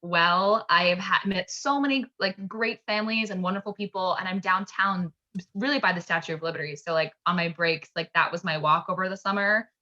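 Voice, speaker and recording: A woman's voice: lowish voice, fairly quick, sharp tone. A young woman from upstate New York chatting casually as a podcast guest, often laughing and saying "like". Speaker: podcast guest, actor and comedian. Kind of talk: casual chat. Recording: dull lo-fi sound.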